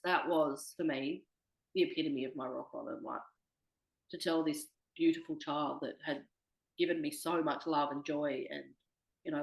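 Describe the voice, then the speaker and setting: A young woman with a low, gravelly voice talks openly in an interview. She swears freely and acts out her own past words. The room around her has an echo. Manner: candid, swears freely, quotes herself. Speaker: interview guest. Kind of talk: candid personal conversation.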